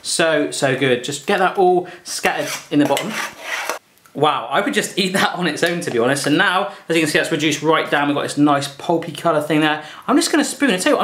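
Speaking a little high and a bit bright, an English cooking show host from England runs a playful demo at home in his kitchen. He chats and jokes throughout, talking to the food as he works.

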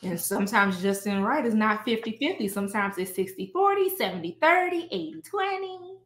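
An expressive woman from Texas working as a family lawyer. She chats easily, laughs often and explains legal points like a storyteller. Her slightly raised voice carries a noticeable room echo. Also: on the high side, fairly quick. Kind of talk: casual podcast chat, explaining law. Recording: roomy echo.

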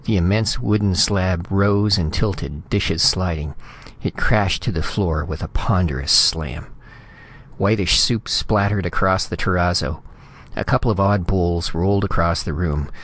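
A man narrating a science fiction story in a steady, measured reading. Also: deep voice. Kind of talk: scripted audiobook narration.

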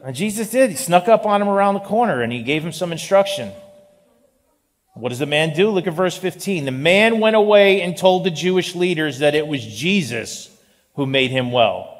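A male pastor preaching a sermon in an animated style, with joking asides. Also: on the high side, moderate pace. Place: church sanctuary. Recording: long reverb of a large hall.

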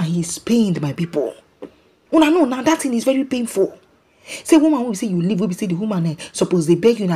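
Nigerian female gossip vlogger, husky mellow voice, lively street-talk delivery. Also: medium pitch. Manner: animated, keeps calling out "my people", mixes Pidgin and English. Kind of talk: casual celebrity gossip commentary.

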